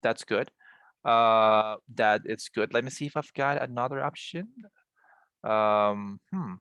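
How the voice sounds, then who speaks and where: A man's voice: on the low side, takes it slowly, fairly bright tone, smooth, no room sound, highs cut off. A man teaching an English class over a video call, encouraging his students and often repeating words as he explains.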